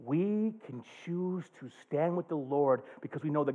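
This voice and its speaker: A man's voice: a little high, animated, normal speed. Tinny-sounding passionate male preacher. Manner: quiet and subdued telling a personal story, rising to loud passionate preaching. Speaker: pastor. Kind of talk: sermon.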